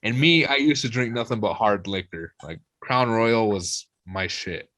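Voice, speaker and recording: Low-voiced young man telling a drunk story. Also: unhurried, dry recording. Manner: swearing, lively retelling with quoted voices. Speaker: guest musician.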